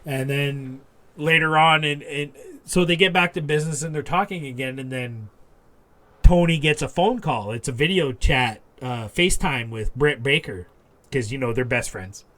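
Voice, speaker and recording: A man co-hosting a casual wrestling podcast, rambling and animated as he retells a segment, full of restarts. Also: medium pitch, moderate pace. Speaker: podcast co-host.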